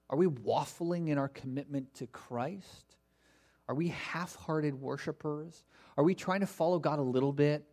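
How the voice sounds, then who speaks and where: A man's voice: fairly high pitch, a little mellow. Man preaching with mocking asides. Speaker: pastor. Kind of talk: sermon.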